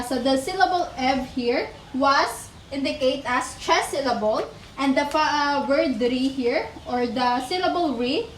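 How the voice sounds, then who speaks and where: A woman teacher walks a class through a poem, counting stanzas and syllables aloud in a slow, patient way. Her voice sits high, and she sounds set back from the mic in an echoey room with faint noise behind. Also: distant mic. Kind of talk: teaching demonstration lesson.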